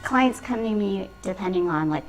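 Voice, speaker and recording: A woman's voice: medium pitch, moderate pace, over music, low-quality recording. A middle-aged woman, a style coordinator, telling stories in a casual interview and laughing often. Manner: lively storyteller, laughs often.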